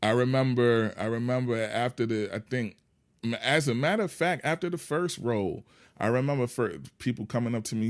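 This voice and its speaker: A man who is a guest on a podcast, talking in a calm, laid-back way that is full of "man" and "you know what I mean". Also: medium pitch, a little fast. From Yonkers, New York. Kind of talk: casual interview chat.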